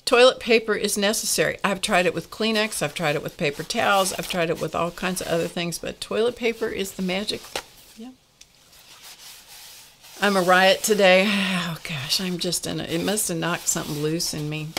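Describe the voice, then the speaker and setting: A woman's voice: lowish voice, moderate pace, a bit bright, a little hiss or hum. An older woman hosting a casual art lesson, chatty and confessional, laughing often as she talks to her viewers. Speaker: art class host.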